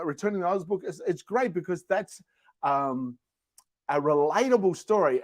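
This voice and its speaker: A man's voice: on the high side, dry recording. A man co-hosting a live online talk show, joking in an easygoing way. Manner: jokey, easygoing. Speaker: co-host. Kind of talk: casual live-stream chat.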